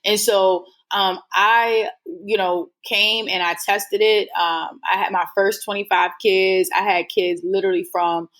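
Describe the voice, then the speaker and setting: A woman's voice: medium pitch, little pitch movement, a little slow, fairly bright tone. A woman guest telling her story in a casual interview, earnest and rambling with lots of fillers. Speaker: guest entrepreneur.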